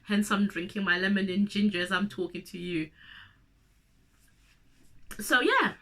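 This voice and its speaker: Talking to camera despite a cold, this young vlogger from Zimbabwe shares a personal story in a chatty, emotional manner and addresses viewers directly. Her mid-range voice is fairly bright and a little slow.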